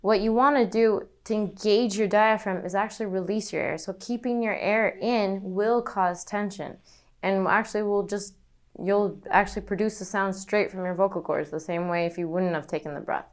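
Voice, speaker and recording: A young woman teaches singing with a smooth, resonant voice at a middling pitch. She explains each breathing exercise calmly and in order, then demonstrates it herself. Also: normal speed. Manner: instructive, demonstrates breathing and panted notes. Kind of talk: vocal lesson demonstration.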